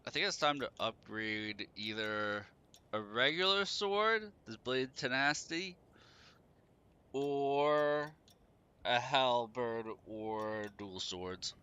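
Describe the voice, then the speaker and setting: Bright, crisp-voiced tired male streamer. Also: medium pitch, expressive, slow. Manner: chatty, talks back to game characters and chat. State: tired, running on caffeine. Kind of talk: casual gameplay commentary.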